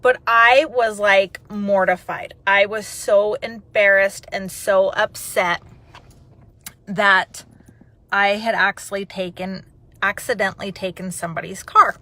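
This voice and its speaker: Bright-voiced woman telling a story. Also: mid-range voice, takes it slowly. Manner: animated, chatty, full of "like". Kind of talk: personal storytelling and motivational talk.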